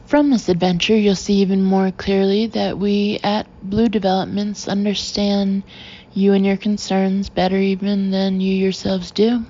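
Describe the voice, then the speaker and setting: Woman reads slick developer man, salesman polish, mellow. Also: medium pitch, level tone, unhurried, highs cut off, lightly acted. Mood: smug. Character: smooth male property developer giving a speech.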